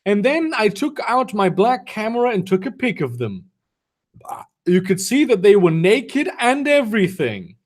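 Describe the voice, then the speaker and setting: A fan fiction reader performs a story aloud for laughs, pausing to toss in mocking, sarcastic commentary. He sits high in pitch, sounds very animated, and takes his time.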